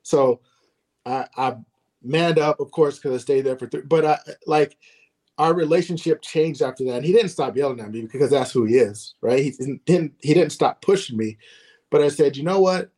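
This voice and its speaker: A man's voice: medium pitch, normal speed, mellow. A middle-aged man as an interview guest, telling stories earnestly with small chuckles and frequent "right?". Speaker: guest, former ballplayer. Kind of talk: casual interview storytelling.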